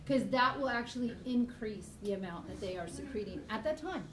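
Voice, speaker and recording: Woman biology teacher, high voice, chatty and animated, recorded far off in a noisy, echoey classroom. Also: brisk, few pauses. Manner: lively, chatty, acts out examples. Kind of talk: classroom lecture.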